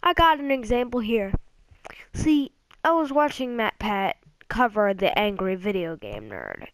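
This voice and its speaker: A woman's voice: medium pitch, lively intonation, a little slow, no room sound, low-quality recording. A woman hosting her channel with a profane comedic rant, angry and crude, often stumbling over her words. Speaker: channel host ranting about a video series.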